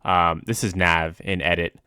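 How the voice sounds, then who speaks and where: Low-voiced man in casual podcast chat. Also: flat delivery, unhurried, pushed and bright, smooth, no echo, studio quality. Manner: rambling, lots of fillers. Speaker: podcast co-host.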